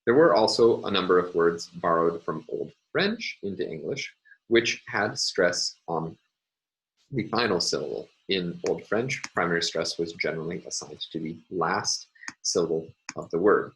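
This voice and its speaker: Male lecturer with a deep voice, measured and hesitant, for a recorded lesson. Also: a bit bright, rough recording. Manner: hesitant, many ums and uhs, explanatory. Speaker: university lecturer.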